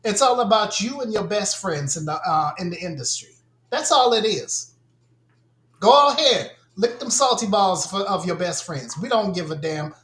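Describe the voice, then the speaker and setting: A man's voice: high-pitched, expressive, normal speed, a bit bright, roomy sound. A man co-hosting a gaming podcast, ranting bluntly and with a lot of swearing in casual chat. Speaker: podcast co-host.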